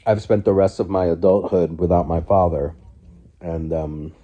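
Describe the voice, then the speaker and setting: A man in his forties eats on his living room couch and speaks into his phone for a casual mukbang vlog. He talks at a moderate pace in a low voice with fairly even intonation, candidly and reflectively, often starting over loosely. The sound quality is lo-fi.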